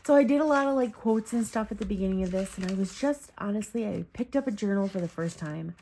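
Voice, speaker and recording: In a casual vlog about her journals, a woman from Michigan rambles, corrects herself, and leans on lots of fillers while holding back tears. Her mid-range voice is warm and lively, and she talks fast over slight background noise.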